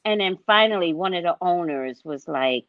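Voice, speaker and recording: A woman hosting a casual chat over a video call, telling stories in an animated way and acting out what others said. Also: fairly low pitch, normal speed, no echo, narrow, tinny audio. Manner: animated storyteller who acts out quotes. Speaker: host, psychic reader.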